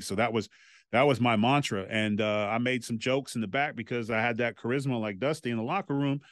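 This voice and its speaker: A man, a former wrestler, telling stories as a podcast guest in a loose, animated way and swearing freely. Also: mid-range voice, brisk, dry recording, studio quality. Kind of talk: casual anecdotal storytelling.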